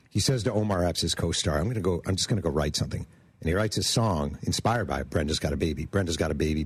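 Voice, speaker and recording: Low, husky male author guest, animated storyteller who voices his quotes. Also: no echo. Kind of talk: storytelling interview.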